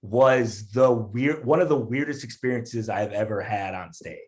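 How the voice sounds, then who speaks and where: A male comedian, a guest on a podcast, telling a story in a casual, animated way with lots of fillers and restarts. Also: on the low side, measured pace.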